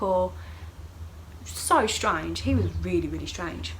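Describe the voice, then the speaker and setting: A young woman speaks slowly as she vlogs a casual, chatty personal story. She animatedly acts out others' words with sharp shifts in pitch and loudness. The low-quality recording has a little hiss or hum.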